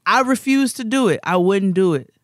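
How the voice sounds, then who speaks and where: A young man, a podcast co-host, telling rambling, animated stories in casual chat and laughing often. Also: high voice, moderate pace, dry recording, clean studio sound.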